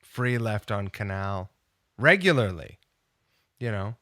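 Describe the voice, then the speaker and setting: Bright, dry-sounding podcast host man. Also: lowish voice, slow, no echo. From Seattle. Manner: relaxed, swears casually. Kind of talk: casual chat.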